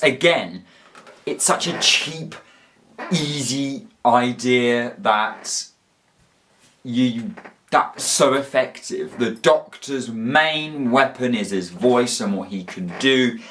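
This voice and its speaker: An eager man chatting casually about his favourite episodes, his voice sitting a little on the low side. He gushes, circles back and restarts his sentences as he goes. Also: fairly bright tone. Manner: enthusiastic, rambling with frequent restarts. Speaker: fan reviewer. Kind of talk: casual ranking chat.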